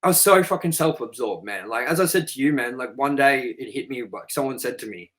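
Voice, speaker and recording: This podcast host has a medium-pitched voice and speaks fairly quickly, though the audio is poor. He recounts stories frankly with plenty of profanity, vividly performing the things people said.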